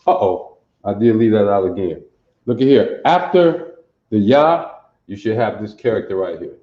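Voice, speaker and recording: A man with a Detroit accent teaches at a board, repeating phrases and checking that the class is keeping up. His voice is fairly low with lively intonation at a normal speed. A camera mic, sometimes far away, captures him in an echoey, dull-sounding room.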